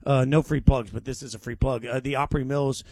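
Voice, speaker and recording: A man's voice: fairly quick, slightly rough, no echo. A man in his forties, a sports radio host, talking casually and enthusiastically about movie outings in a studio. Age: 40s. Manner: excitable, enthusiastic pitching. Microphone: studio mic.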